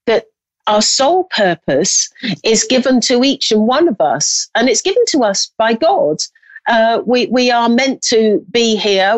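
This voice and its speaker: A woman who is a medium and hosts a call-in show, talking in a rambling, reflective way with many restarts, and gently reassuring her callers. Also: a little high, dry recording. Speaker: psychic medium and host. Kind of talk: call-in radio hosting.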